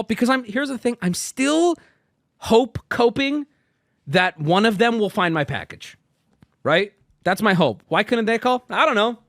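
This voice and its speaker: A man in his thirties telling a long story in a casual, animated way, swearing and acting out the exasperated dialogue. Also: high voice, no echo, clean studio sound.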